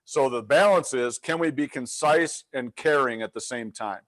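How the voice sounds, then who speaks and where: In a webinar, a middle-aged leadership coach tells a story with energy, acting out the voices of the people in it. His voice is medium-pitched and moves at a normal speed.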